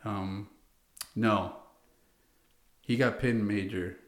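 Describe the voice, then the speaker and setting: A man's voice: on the low side, fairly even intonation, very slow, roomy sound. A young man, a former Marine, telling service stories in a rambling casual way, full of "like" and acted-out quotes. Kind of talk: casual podcast storytelling.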